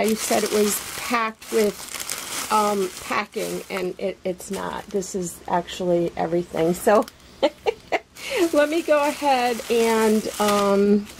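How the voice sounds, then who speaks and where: A woman unboxing a package on her craft vlog, gushing with excitement and many fillers. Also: mid-range voice, creaky, noisy background. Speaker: craft vlogger.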